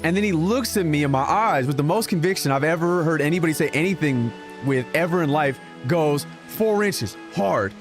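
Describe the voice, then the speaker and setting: A young man streaming a game, telling a long story in a casual, animated way with many restarts. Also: a little high. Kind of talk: casual storytelling while gaming. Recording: music playing in the background.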